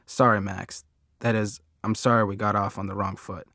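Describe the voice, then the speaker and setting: A man reading an audiobook, voicing a chatty, flustered young mother who talks fast and rambles apologetically. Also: lowish voice, little pitch movement, sharp tone, dry recording, clean studio sound.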